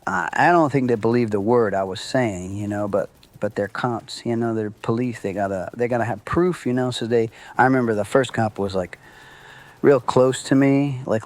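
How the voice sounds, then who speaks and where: A man's voice: mid-range voice, a little mellow. A man telling a true story from his own life in a loose, casual way, swearing and acting out what people said. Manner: loose and conversational, many fillers, swears, acts out quotes.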